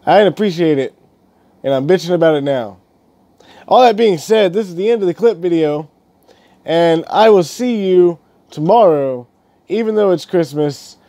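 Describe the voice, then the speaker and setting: A man's voice: high-pitched, expressive, moderate pace, dark tone, dry recording. Brief: young male gaming vlogger, laughing storyteller, dry close sound. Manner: swearing, laughing, rambling storytelling. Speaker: gaming YouTuber. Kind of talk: casual vlog rant.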